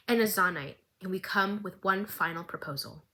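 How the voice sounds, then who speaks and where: A woman's voice: medium pitch, unhurried, sharp tone. A woman voicing a defiant young male politician in a blunt, sarcastic manner.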